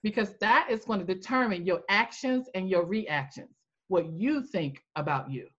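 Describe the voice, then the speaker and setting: A woman coach telling an animated story in a podcast interview, acting out the voices she quotes. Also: normal speed, highs cut off. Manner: animated storyteller, acts out quoted voices with big pitch jumps. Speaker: coach and founder.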